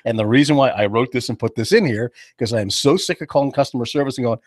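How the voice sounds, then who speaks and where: A man's voice: mid-range voice, fast, no room sound. A man hosting a talk radio show, chatting casually and jokingly in a studio. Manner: animated, jokey, acts out other people's voices. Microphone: studio microphone.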